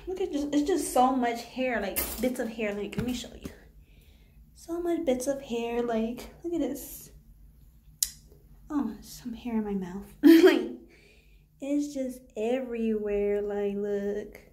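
A woman's voice: a little high, slow, warm tone. Flustered woman vlogging in an echoey room. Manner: flustered, swearing, nervous laughter. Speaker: hair vlogger. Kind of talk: casual vlog commentary.

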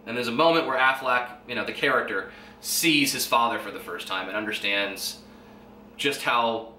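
In a casual solo monologue, a podcast host in his twenties rambles and swears freely, sprinkling in fillers and chuckles. His mid-range voice is pushed and bright at a moderate pace. The room is echoey, with faint background noise.

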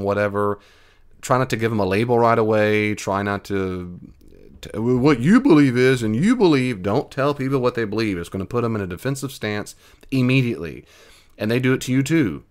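A man's voice: fairly low pitch, brisk. A man hosting his own podcast, answering listener questions in a folksy, earnest, conversational way. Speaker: podcast host.

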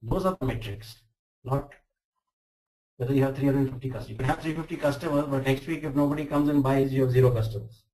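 A man's voice: mid-range voice, fast talker, mellow, rough recording. A middle-aged man, a venture capital expert answering webinar questions frankly with a chain of probing questions.

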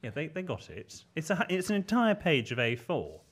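A man's voice: a little high, big pitch swings, moderate pace, slight background noise. A man co-hosting a podcast, chatting in a dry, arch manner. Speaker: podcast co-host. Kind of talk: casual chat.

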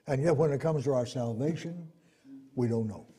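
A man preaching a sermon, swinging between loud emphatic points and low asides, acting out the people he quotes. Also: normal speed, husky.

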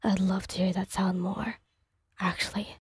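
A woman voicing a smug, mocking young man in a whispered role-play, speaking in a low, smirking whisper. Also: flat delivery, normal speed, slightly rough, no room sound, studio quality.

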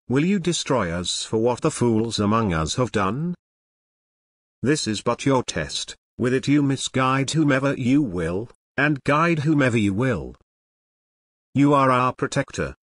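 A man reading a scripture translation aloud in a solemn, measured way, pausing after each short clause. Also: medium pitch, fairly bright tone, dry recording, clean studio sound. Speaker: scripture reader.

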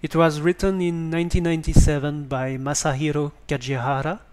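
A man with a French accent giving a hesitant spoken tutorial on a basic microphone, pausing often with ums and restarts. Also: on the high side, flat delivery, darkish tone, clear, resonant tone. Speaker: tutorial presenter.

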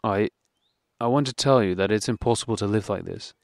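Audiobook: male reader doing a distressed young wife, trembling and pleading, raised a little higher than his own voice, dry sound. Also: brisk, creaky, no echo. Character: anxious, tearful young wife.

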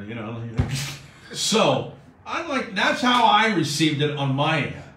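A man's voice: a little high, a little slow, echoey room, a little hiss or hum, poor audio. A man hosting a radio chat show, telling a long story and acting out the voices of the people in it. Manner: animated storyteller, acts out quoted voices. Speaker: radio host.

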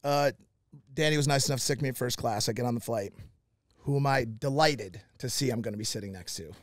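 A man on a podcast telling an animated story, swearing often and acting out what other people said. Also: medium pitch, fairly quick, dry recording, clean studio sound. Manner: animated, swears a lot, acts out quotes. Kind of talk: animated storytelling, casual chat.

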